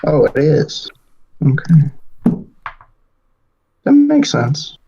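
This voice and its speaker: A man plays a tabletop game and puts measured questions to the others. His voice sits a little high, and the recording sounds dull and muffled. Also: sing-song, mellow, a little hiss or hum. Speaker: player. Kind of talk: casual tabletop play.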